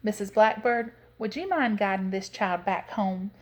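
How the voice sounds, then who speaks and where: A woman's voice: mid-range voice, normal speed, natural voice. A woman voicing a stern, proper mother bear in a storybook read-aloud. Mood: polite. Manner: stern, scolding.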